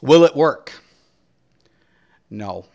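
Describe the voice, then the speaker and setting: A man's voice: mid-range voice, animated, extremely slow, vocal fry, a little mellow, dull audio. Profane, blunt male streamer ranting. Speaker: game streamer.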